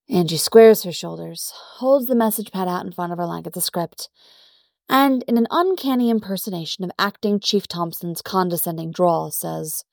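A woman reading a story aloud in measured, even narration. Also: lowish voice, creaky, no room sound, clean studio sound. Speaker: story reader. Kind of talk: scripted narration.

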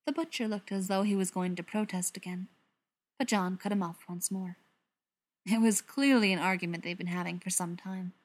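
A woman narrates an audiobook in a calm, measured way. Her voice sits at a middle pitch, and her delivery stays steady throughout. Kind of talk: scripted narration.

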